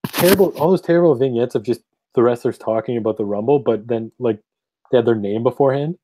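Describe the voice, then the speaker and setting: A man's voice: medium pitch, fast talker, dark tone, no room sound. A man co-hosting a casual podcast chat, laughing often as he talks. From Canada. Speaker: podcast co-host.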